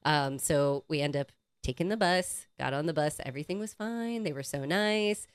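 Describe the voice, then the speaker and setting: A woman co-hosting a podcast, telling a casual story in a lively, swearing, animated way and acting out the quotes. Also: low voice, normal speed, clean tone, dry recording. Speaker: podcast co-host.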